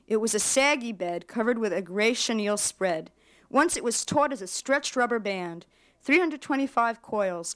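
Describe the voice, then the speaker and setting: A woman writer giving a measured literary reading of her own fiction. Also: mid-range voice.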